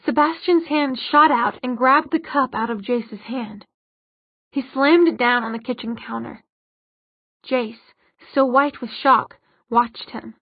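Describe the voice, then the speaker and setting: Husky woman narrating an audiobook. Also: on the high side, slow, no room sound. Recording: dull lo-fi audiobook recording.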